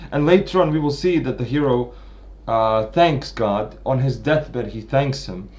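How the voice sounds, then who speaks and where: A man's voice: medium pitch, a little slow, darkish tone. A man giving an unscripted analytical talk on a literary work, thinking aloud with frequent restarts and tag questions. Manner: thinking aloud, many restarts and "right?" checks. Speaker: literature commentator.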